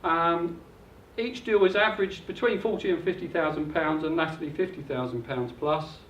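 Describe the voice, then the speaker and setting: A man's voice: fairly high pitch, normal speed, fairly bright tone, a little hiss or hum. An older man giving an upbeat, salesy property seminar presentation, recorded from a distance in a hotel function room. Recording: echoey dull room recording from afar.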